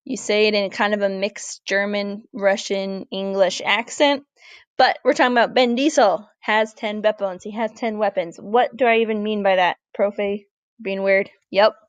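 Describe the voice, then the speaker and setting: Woman teacher explaining grammar clearly. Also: medium pitch, fairly even intonation, no room sound. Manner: clear, deliberate, slows down to model Spanish words. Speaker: Spanish teacher. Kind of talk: recorded classroom lesson over slides.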